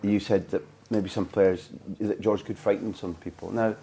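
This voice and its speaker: A man's voice: on the low side, steady tone, moderate pace, gravelly, warm tone, a little hiss or hum. A man from Scotland hosting an interview, asking long, probing questions in a conversational way. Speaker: podcast interviewer.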